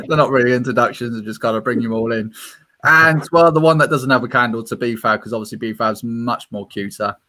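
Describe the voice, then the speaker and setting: A man's voice: medium pitch, fairly quick, pushed and bright. A man with a British accent hosting a casual group livestream, chatty and self-mocking, laughing often. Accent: British English. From Britain. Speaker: stream host.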